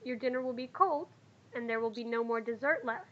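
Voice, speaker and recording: A woman voicing a male wolf commander who talks in a calm, measured, formal way. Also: fairly high pitch, dull audio, natural voice.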